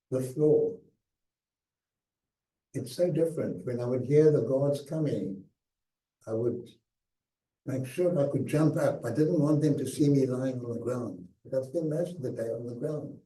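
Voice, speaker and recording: An older man recounting his own past in a slow, emphatic talk with hushed pauses, heard from a distance in an echoey lecture hall. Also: mid-range voice. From South Africa. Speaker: guest speaker. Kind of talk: personal memoir talk.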